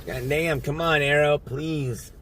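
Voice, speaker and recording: A man goes live from his car while driving, chatting loosely with his audience, cursing often and wandering from topic to topic as he responds to chat. His voice is on the high side, steady and fairly bright, and he speaks slowly. Slight background noise is present.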